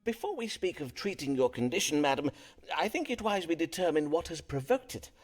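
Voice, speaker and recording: An actor playing a courteous Elizabethan doctor-astrologer in a video game, speaking in formal, archaic phrases with polite tact. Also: male voice, fairly high pitch, lively intonation, brisk.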